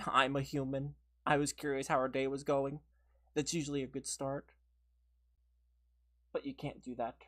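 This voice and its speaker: A woman's voice: extremely low pitch, little pitch movement, normal speed, long pauses, fairly bright tone. A woman chatting casually on her gaming livestream, venting in an exasperated way and saying "like" a lot. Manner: venting, exasperated, heavy use of "like". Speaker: livestream gamer.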